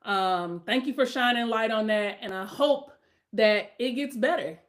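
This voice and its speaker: A middle-aged woman hosting her own podcast, talking casually and bluntly with strong opinions, now and then rising into loud emphatic outbursts. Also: on the high side, a little slow. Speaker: podcast host. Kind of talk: casual solo podcast rant.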